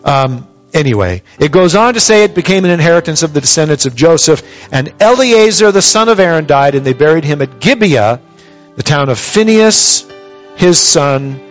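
A man's voice: a little high, expressive, moderate pace, lo-fi sound, soft background music. A man preaching a sermon, reading scripture aloud and explaining it with emphatic, rising emphasis. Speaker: pastor.

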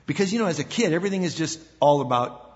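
An older man, a pastor, preaching a sermon in an animated way, acting out quoted voices and often repeating words. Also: fairly high pitch, fast. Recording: dull sound with long hall reverb.

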